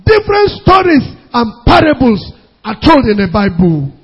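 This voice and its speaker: High-voiced husky male preacher. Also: huge pitch swings, moderate pace. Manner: emphatic, drawing out key words and rising to shouts. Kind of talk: sermon. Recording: muffled recording with long hall reverb.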